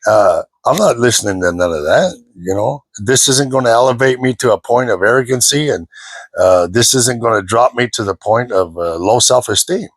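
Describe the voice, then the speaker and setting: A man's voice: mid-range voice, expressive, normal speed, no echo. An older man gives a rambling, informal motivational talk to the camera, repeating himself and filling gaps with "you know" and "man". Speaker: self-help speaker.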